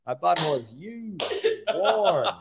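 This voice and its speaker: Man doing giggly crude old priest, very high. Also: sing-song, a little slow, creaky, background noise, exaggerated voice. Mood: joking. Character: old male priest, crude and self-mocking.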